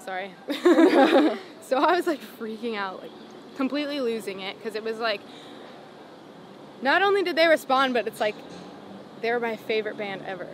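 A woman's voice: on the high side, lively intonation, a little fast, long pauses. A singer in her twenties telling a story in a casual interview outdoors, with lots of "like" fillers and frequent laughs. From Los Angeles. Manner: chatty, many "like" fillers, laughs often. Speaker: singer-songwriter guest. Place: outdoors on a city sidewalk. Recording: street noise behind.

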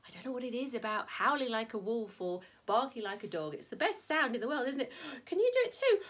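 A woman leading a live-streamed children's singalong, chatting warmly and cheering the kids on. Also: fairly high pitch, animated, fast talker. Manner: bubbly, encouraging, talks straight to young children. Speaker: children's music session leader. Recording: loud strummed guitar over the voice.

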